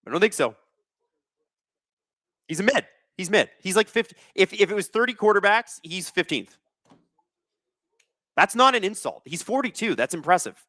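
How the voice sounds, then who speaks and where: A man's voice: high-pitched, sing-song, normal speed, long pauses, pushed and bright, dry recording. A man hosting a casual live sports watch-along, reading chat aloud and joking sarcastically, with plenty of swearing. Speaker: livestream host.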